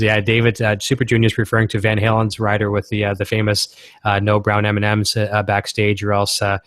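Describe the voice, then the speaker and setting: A man's voice: on the low side, a bit bright, no echo, clean studio sound. A man from Canada hosting a casual guitar-gear livestream, talking in an enthusiastic, rambling way.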